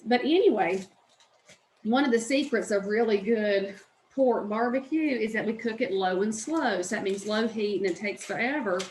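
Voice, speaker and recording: A woman's voice: medium pitch, moderate pace, a little mellow, a little hiss or hum. Chatty Southern woman in echoey kitchen. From American South. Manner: chatty, folksy and opinionated, says "y'all". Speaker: cooking channel host. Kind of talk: casual cooking demonstration. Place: home kitchen.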